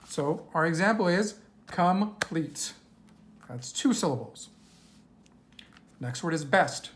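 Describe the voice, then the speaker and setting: A woman teacher reading a worksheet aloud to young children, patient and slow, asking questions and answering them herself. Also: low voice, slight background noise.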